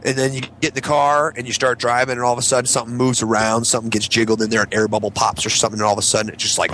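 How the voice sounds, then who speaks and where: A man co-hosting a casual chat, telling gross stories in an animated, profane way and acting out the voices. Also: mid-range voice, very fast, a little hiss or hum. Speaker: co-host.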